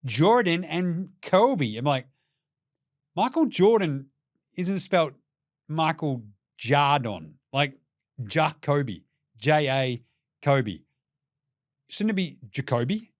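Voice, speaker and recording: A man's voice: on the high side, no room sound, studio quality. A young Australian man hosting a podcast, giving a mocking, sweary rant of casual commentary. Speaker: podcast host.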